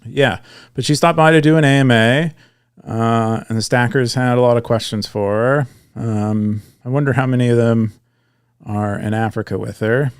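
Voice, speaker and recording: Smooth-voiced man chatting casually. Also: mid-range voice, fairly even intonation, normal speed. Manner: rambling, many restarts and fillers. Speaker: podcast co-host. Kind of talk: casual chat.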